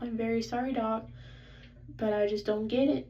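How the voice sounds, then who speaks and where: A young woman tells an exasperated, animated story about a doctor's visit, filling her talk with "like". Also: on the high side, normal speed. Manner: animated, exasperated, heavy use of "like". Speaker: vlogger. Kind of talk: casual storytime rant. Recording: slightly distant, dull, faintly noisy.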